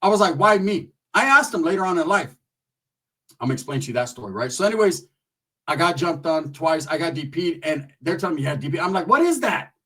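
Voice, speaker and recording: A man with a husky, slightly raised voice tells a story from his own life in loose, profane street slang. He sits a little back from the mic, so his voice sounds somewhat distant, and his telling is lively and animated. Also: on the high side, quick pace. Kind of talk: casual storytelling.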